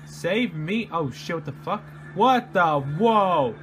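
A man playing a horror game and commenting casually, jumpy and swearing constantly, yelling and laughing at the scares. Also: high-pitched, animated, slow pace, slight background noise. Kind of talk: casual let's-play commentary.

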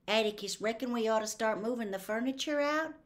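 A woman's voice: a little high, a little fast, voice pushed up, close to an everyday voice. A woman reading an audiobook, voicing a protective teenage boy, an older brother, who speaks with urgency. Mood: anxious.

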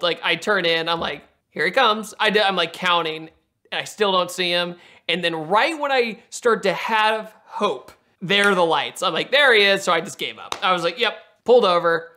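A young man from Virginia telling a car story in a casual, animated way, laughing and acting out the quotes. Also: high-pitched.

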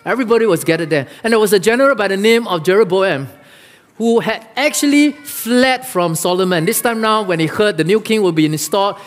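Guy preaching, high voice, acts out the quotes, big echoey church hall. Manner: animated, acts out Bible quotes with rising pitch. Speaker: pastor. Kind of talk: sermon. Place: church sanctuary. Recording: long reverb of a large hall.

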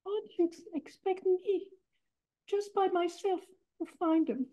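A woman voicing her own mother, defiant and insistent as she confronts a Gestapo commandant, in a slow, measured telling. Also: sits high, animated, warm tone, pitched above the performer's own voice. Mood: indignant. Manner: indignant, insistent. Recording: dull lo-fi recording.

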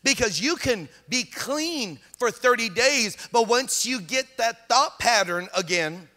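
A man preaching a sermon as pastor, animated and repeating phrases, in a church hall. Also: extremely high pitch, slow pace.

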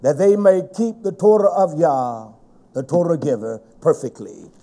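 A middle-aged man preaching a stern, scolding sermon to a congregation, rising to shouts at times. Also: a little high, animated, unhurried.

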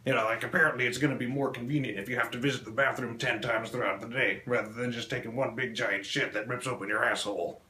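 Crude deadpan stand-up man, bright voice. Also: medium pitch, quick pace, few pauses. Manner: crude, deadpan one-liners. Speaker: stand-up comedian. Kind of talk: stand-up comedy set. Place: small club stage. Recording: echoey room with faint ambience.

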